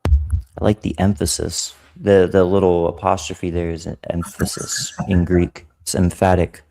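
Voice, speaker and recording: A man leads a casual Bible study, explaining passages at a very slow, unhurried pace. His voice is low-pitched and mellow. He circles back and rephrases each point as he goes. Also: little pitch movement, gravelly. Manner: slow, repetitive explaining with restarts.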